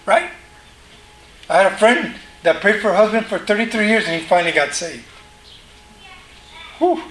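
A man's voice: sits high, expressive, moderate pace, long pauses, fairly bright tone. A man preaching a sermon to a congregation, talking casually and asking the listeners questions. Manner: conversational, asks the congregation questions. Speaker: pastor. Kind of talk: sermon teaching. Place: church hall with congregation. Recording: roomy hall sound with faint noise.

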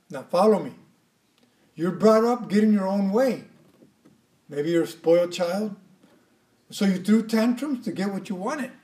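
A man's voice: high-pitched, warm tone, reverberant, far from the mic, rough recording. A man preaching a sermon in a conversational way, often repeating words and adding asides to his listeners. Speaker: pastor.

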